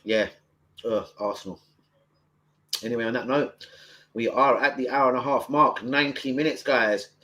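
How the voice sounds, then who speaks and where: A man's voice: mid-range voice, normal speed, long pauses, pushed and bright, a little hiss or hum. Male streamer, casual and profane, mid-range voice. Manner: chatty, sweary, rambling. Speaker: football fan live streamer. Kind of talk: casual live stream chat.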